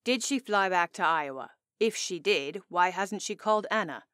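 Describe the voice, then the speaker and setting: Smooth low-voiced woman audiobook narrator. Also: lively intonation, normal speed, fairly bright tone, no room sound, clean studio sound. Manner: intimate, earnest storytelling. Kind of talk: first-person romance audiobook narration. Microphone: close studio mic.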